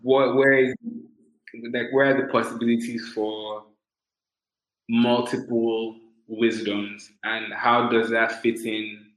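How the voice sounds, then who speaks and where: A man's voice: mid-range voice, flat delivery, slow, fairly bright tone. A man co-hosting a podcast, asking questions hesitantly with many ums and restarts. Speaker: podcast co-host. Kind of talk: casual conversation. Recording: echoey room sound.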